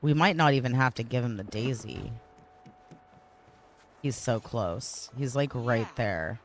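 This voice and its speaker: A man's voice: mid-range voice, unhurried, a bit bright, a little hiss or hum. A man casually chatting and rambling while he plays a game on a livestream, often correcting himself mid-sentence. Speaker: streamer. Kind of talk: casual gameplay livestream chat.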